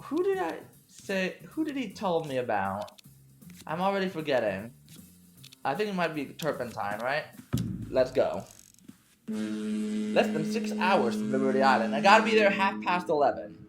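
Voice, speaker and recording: A woman's voice: low voice, very animated, moderate pace, pauses often, echoey room, music in the background. A woman commenting on her gameplay, musing aloud as she weighs her choices. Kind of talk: let's play commentary.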